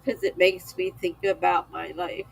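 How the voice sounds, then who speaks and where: An American woman with a lowish, gravelly, husky voice speaks in a flat way over a low-quality recording. Tired and weary, she chats slowly and casually with her live-stream viewers, reading their messages and laughing often.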